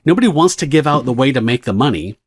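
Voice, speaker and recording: A man's voice: medium pitch, big pitch swings, quick pace, slightly rough. A man co-hosting a casual podcast about comics, rambling, swearing freely and breaking off to read lines in silly voices. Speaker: podcast co-host.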